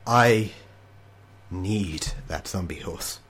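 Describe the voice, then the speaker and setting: A man game master voicing a calm, possessive male crime boss in a hushed, measured tone. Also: sits low, breathy edge, exaggerated voice. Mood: quietly menacing. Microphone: online call.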